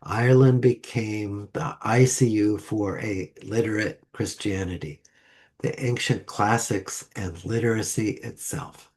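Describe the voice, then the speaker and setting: A man delivering a sermon to a congregation with a slow, measured delivery and deliberate pauses. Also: fairly low pitch, steady tone, darkish tone, breathy edge. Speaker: lay speaker. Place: church sanctuary.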